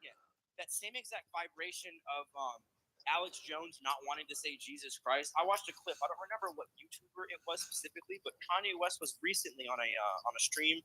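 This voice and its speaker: A man talking in a loose podcast conversation, his voice sitting a little high for a man. He rambles, swears freely and wanders from one tangent to the next. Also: expressive, fairly quick, pushed and bright, breathy edge, poor audio. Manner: rambling, profane, goes off on tangents. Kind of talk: casual podcast chat.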